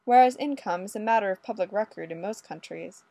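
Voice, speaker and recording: A woman's voice: medium pitch, gravelly, mellow, no echo. A woman reading as a polite old Mountie. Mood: genial. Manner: polite, unhurried, old-fashioned. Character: courtly old male Mountie, mild and odd.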